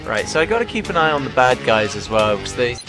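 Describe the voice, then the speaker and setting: Gaming host, jokey and excitable, very lively pitch, game music behind. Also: male voice, fast talker, low-quality recording. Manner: jokey, excitable, sing-song exclamations. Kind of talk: let's-play commentary.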